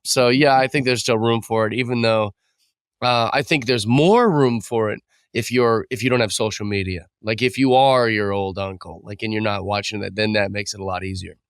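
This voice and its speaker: A man's voice: medium pitch, a bit bright, clear, resonant tone, no echo, studio quality. A young adult man co-hosting a podcast, laid-back and self-deprecating, rambling as he talks. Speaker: podcast co-host. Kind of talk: casual podcast chat.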